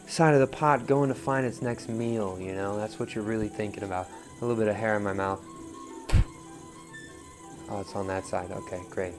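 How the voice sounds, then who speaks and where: A young man casually teaching wheel throwing, coaching in a relaxed way and often checking in with "right?". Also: fairly low pitch, normal speed, soft background music. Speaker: pottery teacher.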